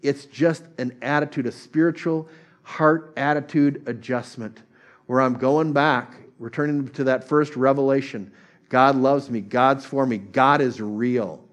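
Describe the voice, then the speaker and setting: A man's voice: mid-range voice, fairly even intonation, takes it slowly. Earnest middle-aged man preaching. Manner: earnest, drops to soft gentle tones when voicing God. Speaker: pastor. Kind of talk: sermon.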